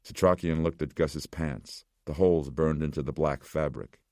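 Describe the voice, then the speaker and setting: A man narrating an audiobook in a steady, dark, deliberate manner. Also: very deep voice, no room sound, studio quality. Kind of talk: scripted narration.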